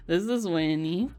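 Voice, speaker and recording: Slow, giggly woman streamer. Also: medium pitch, warm tone. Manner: giggly, laughs often between remarks. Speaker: live streamer. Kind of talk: casual live-stream chat.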